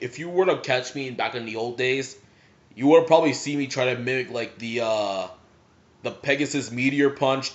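A young man casually telling rambling stories about watching anime with his father, full of "like" fillers, on a slightly muffled recording. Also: medium pitch. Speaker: vlogger. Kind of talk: casual storytelling.

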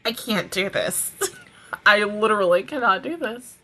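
A woman's voice: medium pitch, expressive, a little slow, a bit bright, rough recording. A woman reacting to an anime episode, pleading and laughing a lot as she talks to herself. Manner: emotional, pleading, laughs often. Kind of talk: casual reaction commentary.

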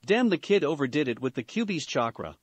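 A man's voice: on the high side, very animated, fairly quick, husky, no room sound. A man voicing an exasperated older male ninja sage who mutters and grumbles.

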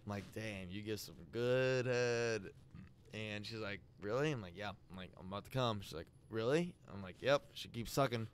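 A man's voice: lowish voice, normal speed, a little hiss or hum. A young man, a podcast guest, telling a crude story in casual chat and acting out the lines of the people in it.

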